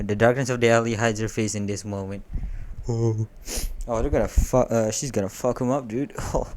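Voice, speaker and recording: A young man reads a fan story aloud in a loose, casual way. He stumbles, restarts lines, and breaks off for joking comments. His voice sits at an ordinary middle pitch. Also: fairly even intonation, a little mellow. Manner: reads haltingly, stumbles and corrects himself, joking asides. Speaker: fanfic reader.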